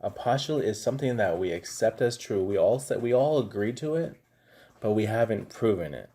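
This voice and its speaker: Low husky-voiced male math teacher. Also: brisk. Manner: relaxed, chatty, tells anecdotes with lots of fillers. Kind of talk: casual classroom lesson.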